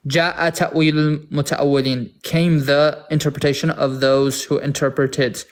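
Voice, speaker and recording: A man in an online debate, reading Arabic passages aloud and translating them into English slowly with many restarts. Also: on the high side, little pitch movement.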